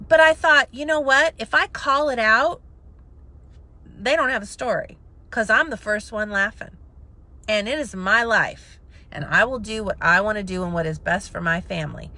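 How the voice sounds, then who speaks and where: A woman in her thirties telling her story to camera in a chatty, self-mocking way, swinging between hushed asides and loud outbursts. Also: medium pitch. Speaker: vlogger, makeup seller.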